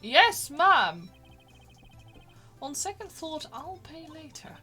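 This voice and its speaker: A woman's voice: on the high side, expressive, normal speed, a bit bright, soft background music. A woman voicing a flustered young male defense lawyer, reading game dialogue aloud and stammering. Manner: exasperated, stammering.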